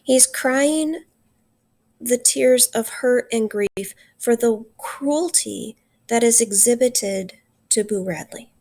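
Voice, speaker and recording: A woman teacher giving a recorded literature lesson, earnest and slowing down to stress key points. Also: fairly high pitch, mellow. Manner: earnest, slows down for emphasis.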